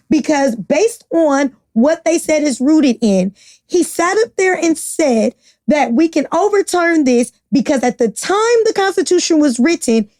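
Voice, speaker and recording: Passionate high-voiced woman podcaster. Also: darkish tone, dry recording, studio quality. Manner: passionate, blunt, swears freely. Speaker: podcast co-host. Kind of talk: casual opinionated chat.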